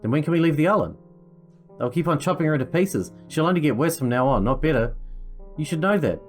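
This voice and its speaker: A man's voice: fairly high pitch, lively intonation, fast, soft background music, voice pushed up. A man voicing a desperate, protective young woman in a visual novel, reading her lines with urgent pleading.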